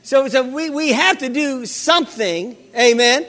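Male pastor preaching, really high bright voice, calls for amens, long hall echo. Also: unhurried. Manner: repeats phrases, calls for amens. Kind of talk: sermon. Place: church hall. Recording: long reverb of a big hall.

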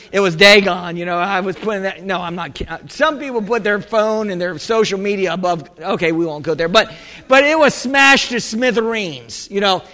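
A man preaching a sermon as a pastor, telling a rambling story with laughs, asides and sudden shouted exclamations. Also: very high-pitched. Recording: long reverb in a large hall.

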